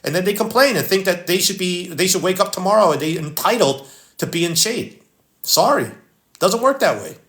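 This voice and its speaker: Blunt Philadelphia man with a higher voice. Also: expressive, moderate pace, a bit bright. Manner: blunt, wisecracking, reads viewer comments aloud. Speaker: livestream host reading comments. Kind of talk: casual live-stream chat. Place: home, live stream.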